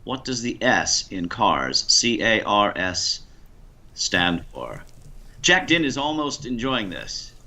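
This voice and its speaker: Bright-voiced American quizmaster. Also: male voice, fairly low pitch, big pitch swings. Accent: American, Ohio. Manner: dry, deliberate, teasing. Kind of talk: running a quiz.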